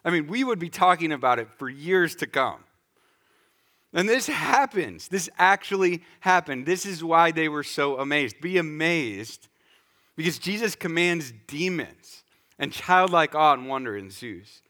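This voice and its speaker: A man preaching a sermon in a lively, conversational way, acting out scenes for the congregation. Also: a little high, measured pace. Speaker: pastor.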